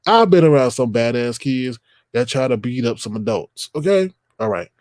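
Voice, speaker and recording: A man's voice: mid-range voice, expressive, moderate pace, creaky, a little mellow, no room sound, studio quality. Blunt man ranting to livestream chat. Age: 30s. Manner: blunt, profane, talks straight to chat viewers. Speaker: livestream host. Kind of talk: casual livestream rant.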